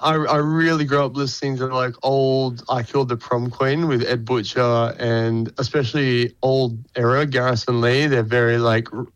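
Relaxed, candid male band guest. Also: mid-range voice, normal speed, smooth, no room sound, dull audio. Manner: relaxed, candid, sweary, some stammering. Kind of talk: casual interview chat.

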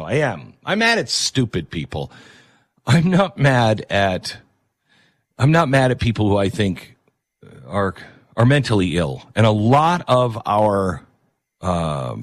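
A man's voice: lowish voice, no room sound. A man hosting a talk radio show, delivering a rambling, opinionated monologue with self-deprecating asides.

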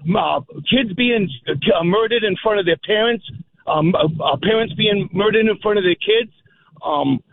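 A man calling in to a talk radio show, speaking in an agitated, halting way with many fillers and restarts. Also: high voice, vocal fry. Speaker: caller. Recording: tinny phone line.

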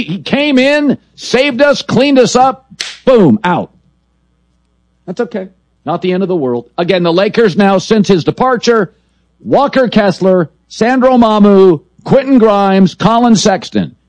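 A man's voice: high voice, darkish tone, no room sound. A man hosting a sports talk show, delivering emphatic opinions in punchy lists.

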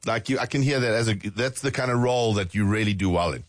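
A man's voice: lowish voice, fast talker, no echo. A man co-hosting breakfast radio, chatting and reassuring callers. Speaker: radio co-host.

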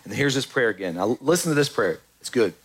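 A man preaching a sermon in an animated, conversational way, with quick asides to the congregation. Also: medium pitch, breathy edge. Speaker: pastor.

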